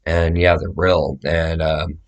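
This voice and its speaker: Low-voiced man rambling profanely. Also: level tone, slow. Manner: profane, meandering, gestures while describing sizes. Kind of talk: rambling casual monologue to camera.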